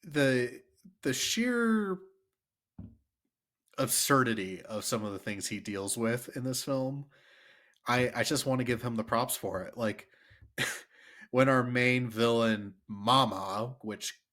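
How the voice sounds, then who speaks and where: A man's voice: medium pitch, expressive, slow, pauses often, a bit bright. A man co-hosting a podcast, chatting casually about a movie, rambling with fillers and restarts. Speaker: podcast co-host.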